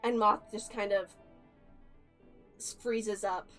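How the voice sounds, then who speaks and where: A woman narrating a spooky tabletop game as game master, telling it slowly and deliberately with suspenseful pauses. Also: medium pitch, fairly even intonation, fairly bright tone. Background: faint background music.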